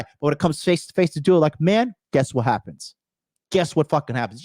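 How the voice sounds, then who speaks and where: A man's voice: a little high, fairly quick, darkish tone, no echo, clean studio sound. A man hosting a show, delivering an aggressive, profane commentary rant full of mocking asides. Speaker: podcast host.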